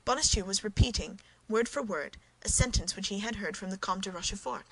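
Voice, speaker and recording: A woman narrating a classic novel as an audiobook, reading in a measured, clear way. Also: medium pitch, a bit bright, no room sound, rough recording. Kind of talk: scripted narration.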